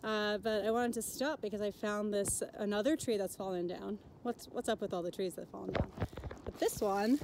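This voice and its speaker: A woman's voice: medium pitch, fairly even intonation, normal speed, vocal fry, noisy background. A woman giving an outdoor nature lesson to children on a forest trail. She asks the viewers curious questions, recorded on a handheld phone. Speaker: teacher.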